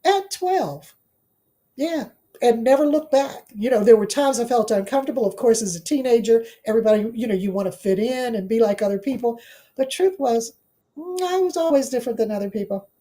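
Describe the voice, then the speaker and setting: A middle-aged woman, a professor, shares her life story as an interview guest. Her voice sits a little high but has a mellow, relaxed warmth. She talks earnestly and repeats key phrases to drive a point home. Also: a little fast. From Washington, D.C. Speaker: guest, law professor and author.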